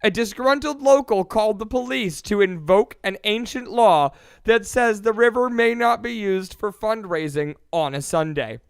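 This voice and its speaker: A man hosting a comedy podcast news segment, reading the story in a deadpan, self-important anchor manner. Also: high-pitched, smooth, no room sound, studio quality. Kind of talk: mock-serious news reading.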